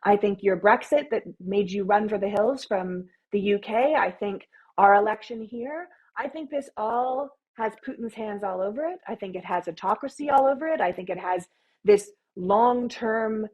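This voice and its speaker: A woman's voice: medium pitch, moderate pace, darkish tone, slightly rough, rough recording. A woman, a podcast guest making emphatic, opinionated points in casual interview talk. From Canada. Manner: emphatic, opinionated, builds points in long runs.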